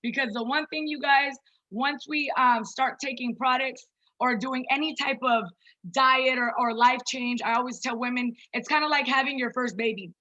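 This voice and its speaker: A woman in her thirties with a high, bright voice, talking to a group on a video call. She is chatty and personal and keeps calling her listeners "you guys." The sound is a bit dull and lo-fi. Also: steady tone, normal speed. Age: 30s. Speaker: wellness coach presenting to a group. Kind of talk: casual online presentation.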